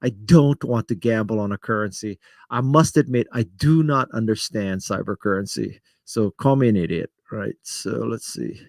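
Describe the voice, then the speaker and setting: A man's voice: lowish voice, normal speed, vocal fry, no room sound. A middle-aged man hosting a live stream, chatting casually and self-deprecatingly as he answers viewers by name. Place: home studio setup in front of a camera.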